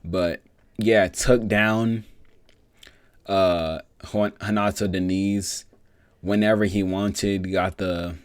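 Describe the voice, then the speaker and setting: Deep-voiced young guy, profane and rambling. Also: steady tone, takes it slowly, smooth, dry recording. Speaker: MMA vlogger. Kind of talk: casual fight breakdown.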